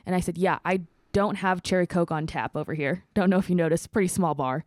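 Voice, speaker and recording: A woman bartender chats casually on a podcast, swapping bar stories and acting out customers with laughs as an animated storyteller. Her voice is on the low side and quick with few pauses, recorded at studio quality with no room sound.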